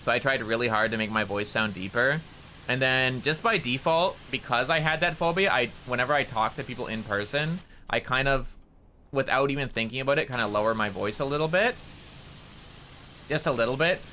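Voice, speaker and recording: A man's voice: mid-range voice, brisk, sharp tone, slight background noise. A young man streaming a game, chatting casually and rambling, with a nasal tone. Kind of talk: casual gameplay commentary.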